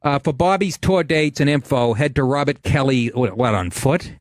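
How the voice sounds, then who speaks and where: A middle-aged man hosting a podcast, telling stories in a brash, profane, animated way. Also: mid-range voice, moderate pace, no room sound, studio quality. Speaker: podcast host, comedian. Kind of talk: casual podcast chat.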